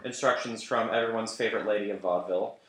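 A man's voice: fairly low pitch, steady tone, fast, a little hiss or hum. British man, podcast co-host, jokey cooking chat, echoey room. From Britain. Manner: joking, laughs often. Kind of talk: casual chat while cooking.

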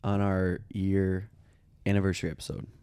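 Man, podcast host, casual beer chat, easygoing, slightly low voice. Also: completely flat delivery, moderate pace, mellow, smooth. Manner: easygoing, talks to listeners directly.

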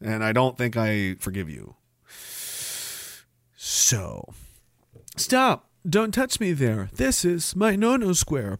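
A man hosting a podcast, ranting with sarcasm and bursting into shouting now and then. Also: mid-range voice, huge pitch swings, slow pace, long pauses, dry recording, clean studio sound. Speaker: podcast host. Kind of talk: ranting commentary.

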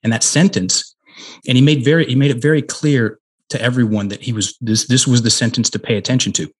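A man's voice: mid-range voice, fairly even intonation, brisk, breathy edge. A middle-aged man, a guest in an interview, telling a personal story earnestly with frequent restarts.

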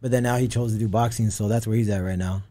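A man's voice: on the low side, steady tone, quick pace, warm tone. A man in his thirties with a Southern California accent, a guest telling stories in an easygoing way, laughing often. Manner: easygoing, laughs while telling stories, says "you know what I mean". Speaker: podcast guest. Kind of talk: casual storytelling.

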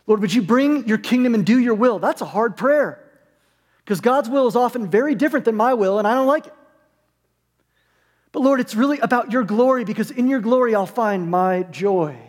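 A man's voice: very high-pitched, moderate pace. A man preaching as a pastor in a sermon, conversational with humorous asides, in a church sanctuary. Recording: long hall reverb.

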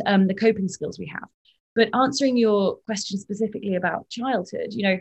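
A woman speaking as a clinical psychologist in an unhurried conversational interview. Her voice sits in an ordinary middle register. She explains carefully and illustrates points with everyday comparisons. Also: mid-range voice, darkish tone. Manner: explains with everyday examples, thoughtful and measured.

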